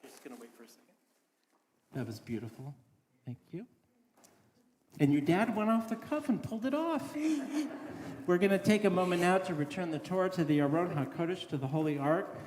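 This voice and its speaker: A man with a fairly high voice leads a synagogue service, loose and joking, steering people through the ceremony. He sounds roomy and echoey, with a long reverb and a faint hiss behind him. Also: big pitch swings, fairly quick, long pauses. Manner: warm-humored, casual, joking with the congregation. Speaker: rabbi leading the service. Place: synagogue sanctuary. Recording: echoey sanctuary with faint noise.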